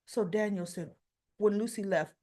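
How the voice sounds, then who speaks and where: A woman hosting a casual soap opera recap, retelling scenes and acting out the characters' lines with lively emphasis. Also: medium pitch, normal speed.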